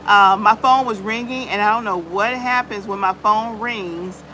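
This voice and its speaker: A chatty woman hosting a live stream, her voice at an ordinary middle pitch. She greets viewers one by one and leans on "y'all" as she talks, casual and unhurried, with a faint hum of noise behind her. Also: pushed and bright, low-quality recording. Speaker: livestream host.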